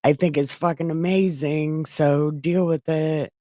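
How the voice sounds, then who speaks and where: Rough-voiced woman, blunt and dry. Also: low voice, fairly even intonation, unhurried, warm tone, no room sound. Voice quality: rough, strained voice from a damaged voice box. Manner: blunt and profane. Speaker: streamer commenting on a court video. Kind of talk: casual live commentary.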